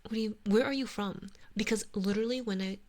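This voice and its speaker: A woman from Canada with a Canadian accent, softly whispering as she chats with viewers in an ASMR stream. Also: medium pitch. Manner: soft whispering, chatty and drawn-out words.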